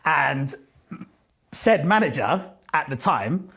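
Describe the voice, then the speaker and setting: A man's voice: on the high side, slow pace, slightly rough. A man co-hosting a podcast, telling stories animatedly in casual chat and laughing often. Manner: laughs often, animated storytelling with British slang. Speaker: podcast co-host.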